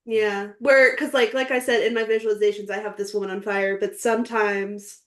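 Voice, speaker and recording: Woman guest, earnest and heartfelt, middle pitch, chatty fillers. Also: fairly even intonation, a little fast. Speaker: podcast guest. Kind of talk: emotional casual interview chat.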